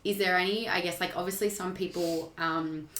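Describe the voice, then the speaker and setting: A woman with a fairly low voice who hosts a podcast interview. She asks her questions in casual chat, hedging with fillers as she goes. The recording sounds roomy and echoey. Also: steady tone, normal speed, fairly bright tone. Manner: hesitant, with many fillers and "I guess". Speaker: podcast host and coach.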